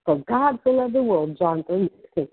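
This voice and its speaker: A middle-aged woman preacher giving a fervent testimony sermon, drawing key words out slowly for emphasis. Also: mid-range voice, lively intonation, slightly rough, dry recording. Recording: tinny phone-like line, dry.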